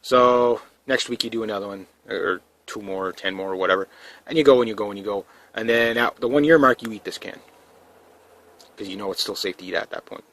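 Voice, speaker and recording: A man's voice: lowish voice, brisk, a bit bright. A man vlogging casually to camera about prepping, talking in a rambling, down-to-earth way with lots of fillers and restarts. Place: indoors in a trailer.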